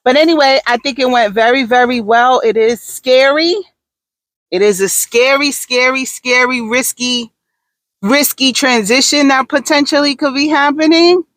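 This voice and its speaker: A woman's voice: high voice, normal speed, a bit bright, dry recording, rough recording. A woman, talking casually in a personal vlog, rambling and repeating herself with many restarts. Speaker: vlogger.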